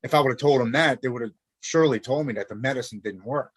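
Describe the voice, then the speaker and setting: A man in his forties telling his personal recovery story as a podcast guest, earnest and halting, often restarting his sentences. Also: medium pitch, husky, no room sound. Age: 40s. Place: Maryland.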